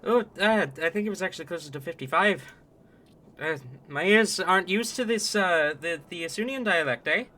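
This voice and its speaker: A man's voice: high-pitched, moderate pace, pushed and bright, pitched above the performer's own voice. A man voicing a boisterous, overfriendly male stranger from the elemental plane of water, with a put-on Canadian-sounding accent and a habit of ending lines with "eh". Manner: tags sentences with "eh", overly friendly.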